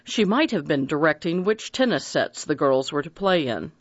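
A narrator reading a novel aloud in an expressive, varied way, in a dull, dry recording. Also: medium pitch, moderate pace, no echo. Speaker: audiobook narrator. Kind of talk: scripted narration.

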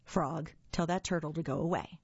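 Woman reader playing a fussy male toad for a storybook: husky, slow and emphatic when he complains, dry sound. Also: low voice, steady tone, no room sound, muffled recording, full character voice.

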